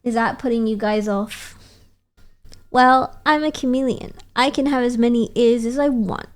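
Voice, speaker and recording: A woman's voice: fairly high pitch, moderate pace. A woman streamer chatting casually and playfully, reading out viewer messages and teasing back at a desk mic.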